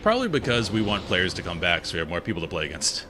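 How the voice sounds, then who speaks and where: A man's voice: low voice, huge pitch swings, racing, background noise. A gaming streamer, a man, chatting casually and opinionatedly while he plays. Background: game music.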